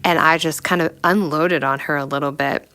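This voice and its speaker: A young woman giving a personal faith testimony in a reflective, halting way, full of "you know" fillers. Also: sits low, fairly even intonation, bright, forceful tone, clear, resonant tone. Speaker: storyteller sharing a personal testimony.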